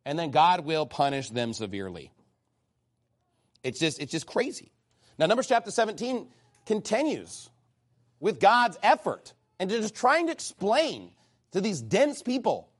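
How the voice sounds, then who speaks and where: Guy preaching, high voice that jumps all over, blunt and worked up. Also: normal speed. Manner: animated and blunt, quoting scripture and acting out God's voice. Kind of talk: sermon.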